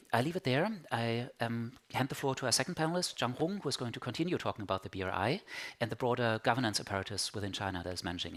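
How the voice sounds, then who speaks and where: A man's voice: medium pitch, a bit bright. A man giving an analytical academic panel talk, with fillers and repeated words. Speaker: conference panelist.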